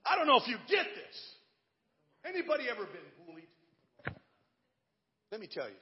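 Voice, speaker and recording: A man preaching a sermon as pastor, moving from hushed storytelling to shouted preaching. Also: very high-pitched, wildly swooping pitch, moderate pace, background noise. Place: church sanctuary. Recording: dull lo-fi audio with long hall reverb.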